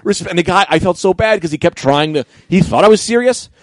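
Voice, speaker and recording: A man's voice: sits high, lively intonation, fast talker, dry recording. A young man telling a story in a casual chat, acting out voices and swearing casually. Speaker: comedian telling a story on a podcast.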